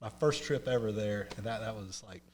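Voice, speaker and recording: A man's voice: on the low side, brisk, slight background noise. A man from North Carolina, a podcast guest telling humorous stories in casual chat and acting out the voices he quotes. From North Carolina, US South. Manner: animated, humorous storyteller who acts out quoted voices.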